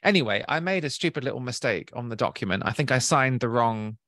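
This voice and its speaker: A man giving a reflective spiritual talk, speaking slowly and gently, searching for words and often restarting. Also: medium pitch, animated, no room sound, clean studio sound. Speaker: spiritual teacher.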